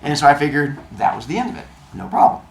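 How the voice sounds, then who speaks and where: A man telling a comedic personal story, animated and acting out the dialogue. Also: a little high, gravelly. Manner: animated, acts out dialogue with quick voice changes.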